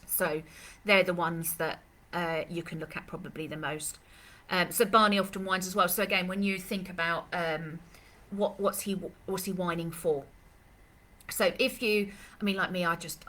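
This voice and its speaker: A woman's voice: fairly low pitch, a bit bright, slight background noise. A woman dog trainer answering questions in a live Q&A, chatty and rambling, with lots of fillers and restarts, speaking. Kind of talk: live Q&A session.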